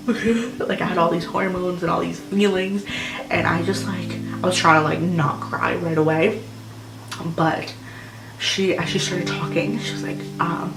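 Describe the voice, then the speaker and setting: A woman's voice: lowish voice, fairly even intonation, normal speed, vocal fry, far from the mic. A young woman vlogger telling a personal story in a rambling way, full of fillers like "like" and "um". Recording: roomy echo with music behind.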